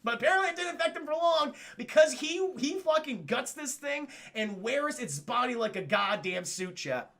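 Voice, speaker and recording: Man, streamer film recap, high gravelly voice, bright tone, profane, addresses chat. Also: lively intonation, normal speed, few pauses, slight background noise.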